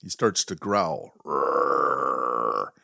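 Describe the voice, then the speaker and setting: A man hosting a podcast, telling a wry, deadpan story in a monologue. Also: fairly low pitch, normal speed, no room sound, studio quality. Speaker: podcast host.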